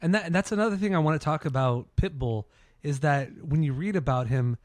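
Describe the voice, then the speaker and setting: A man's voice: fairly high pitch, brisk, a little mellow, dry recording. A young man co-hosting a podcast in casual chat, blunt and enthusiastic, with frequent swearing. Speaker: podcast co-host.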